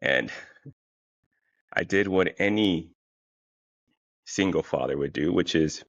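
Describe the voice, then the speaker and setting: A man's voice: sits low, slow, creaky, fairly bright tone, no room sound. A man telling a funny story in a rambling, profane way, full of fillers and restarts, sounding a little tired. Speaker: podcast host. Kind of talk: casual comic storytelling. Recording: dull lo-fi, dry sound.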